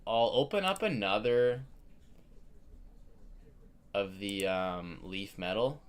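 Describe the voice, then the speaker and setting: A man's voice: on the low side, lively intonation, takes it slowly. A young Canadian man hosting a live card break stream, chatting casually and greeting viewers by name.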